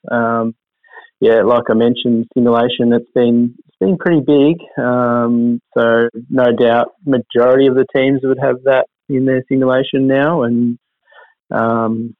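A man's voice: medium pitch, vocal fry, dry recording. A man, a racing team manager giving hesitant, upbeat interview answers full of fillers. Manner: hesitant, many fillers and restarts; upbeat, measured. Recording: dry, phone-like line.

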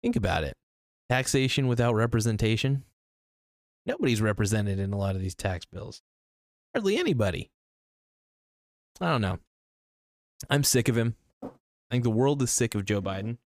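Brief: young male vlogger, low voice, crude rambling rant, dry close sound. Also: expressive, moderate pace, long pauses, no echo. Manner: blunt, crude, rambling with restarts. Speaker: political vlogger. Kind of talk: ranting monologue to camera.

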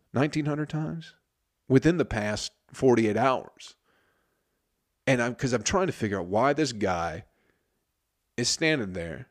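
A man telling a story in a casual comedic monologue, profane and rambling, often interrupting himself. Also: medium pitch.

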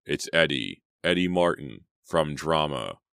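A man reading aloud, voicing a calm, deep-voiced teenage boy speaking slowly. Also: creaky, smooth, dry recording, studio quality, full character voice.

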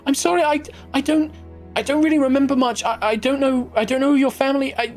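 A man's voice: very high-pitched, moderate pace, faint music behind, voice pushed up. Man doing a stammering, frightened young woman. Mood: nervous. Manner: stammering, nervous. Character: timid young woman who has lost her memory.

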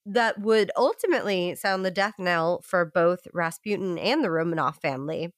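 A woman's voice: lowish voice, moderate pace, no room sound. Dry-miked woman telling history with jokes. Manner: laughs often, reads history aloud with joking asides. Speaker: podcast co-host. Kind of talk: casual comedic history podcast.

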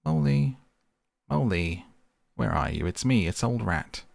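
A man's voice: low voice, moderate pace, gravelly, a little mellow, dry recording, studio quality, heavily acted. A man voicing a good-natured brave old water rat. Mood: soothing. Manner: soothing, cheerful and reassuring.

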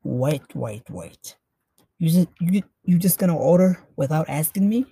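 A woman voicing an indignant adult wife who repeats herself in quick bursts. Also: sits low, expressive, warm tone, slightly rough, no echo, full character voice.

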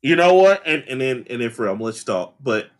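A man hosting a casual podcast chat, talking with passion and heavy profanity, sometimes raising his voice to a shout. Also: medium pitch, big pitch swings, quick pace. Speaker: podcast host.

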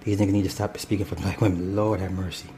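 A man's voice: sits low, flat delivery, fast talker, dark tone, a little hiss or hum. Blunt profane man ranting on a stream. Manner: blunt, profane, rambling with restarts. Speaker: live stream host reading chat. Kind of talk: casual commentary.

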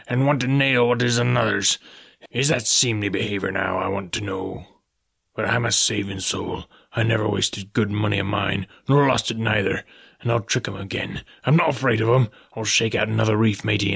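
A man doing a gravelly old sea captain. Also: lowish voice, a bit bright, no room sound, studio quality, full character voice. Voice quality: gravelly, raspy. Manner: salty old sailor talk, cursing and wheedling. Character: old sick sea captain, gruff, pleading, blustering. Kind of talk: audiobook character voice.

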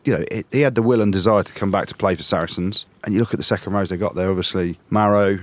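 A man hosting a casual rugby podcast, chatty and quick to laugh, rambling through match analysis. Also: low-pitched, no room sound. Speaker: podcast host.

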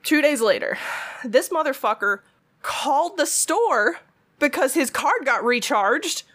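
A woman tells a workplace story in a lively, swear-filled chat. Her voice sits a little high, and she acts out each person's lines with gusto. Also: a little slow. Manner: animated, swears freely, acts out quotes. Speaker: retail worker telling a story.

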